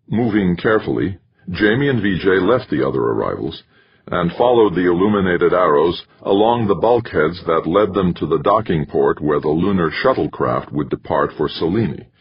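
A man reads an audiobook at a steady, measured pace. His voice is extremely deep and husky, and the recording sounds dull and lo-fi. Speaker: audiobook narrator. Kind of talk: scripted narration.

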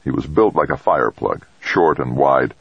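Male audiobook narrator, very low and husky, measured read, dry muffled sound. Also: expressive, no echo. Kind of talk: scripted narration.

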